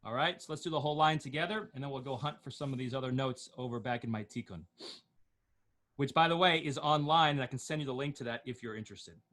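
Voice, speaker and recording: A middle-aged man teaching Torah reading over a video call, chanting cantillation note names slowly and breaking off into quick spoken explanations. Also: medium pitch, fairly bright tone. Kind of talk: online class, chanting cantillation notes.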